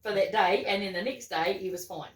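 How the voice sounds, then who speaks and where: A woman's voice: medium pitch, steady tone, a little fast, distant mic. A woman with a New Zealand accent chatting casually with family, teasing and jumping in with her own side of the stories. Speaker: adult daughter. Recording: echoey room, a bit off-mic.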